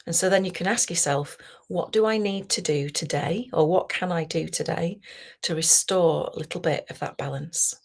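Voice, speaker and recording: Soft-spoken woman guiding a tapping session. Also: on the low side, vocal fry. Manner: slow, soothing, softly guiding with whispered phrases. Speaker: tapping coach.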